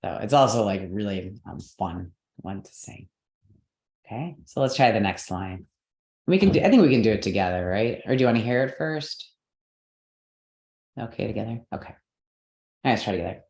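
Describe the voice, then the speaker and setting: A woman's voice: rumbling low, expressive, normal speed, long pauses, darkish tone. Patient woman teacher in an echoey room. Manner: patient, explanatory, often checks in with "okay" and "right?". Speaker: yoga and mantra teacher. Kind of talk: teaching Sanskrit pronunciation to a group.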